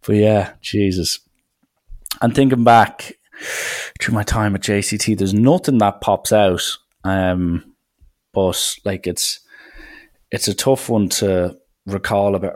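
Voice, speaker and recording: A man with an Irish accent hosting a podcast, telling stories in a chatty, animated way full of "like" and acted-out quotes. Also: lowish voice, measured pace. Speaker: podcast host. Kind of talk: casual storytelling.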